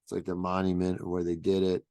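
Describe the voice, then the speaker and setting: A man, a stand-up comedian and podcast co-host, telling casual stories, swearing freely and acting out quotes in a loud, high voice. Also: completely flat delivery, fairly quick, dry recording. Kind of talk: casual storytelling chat.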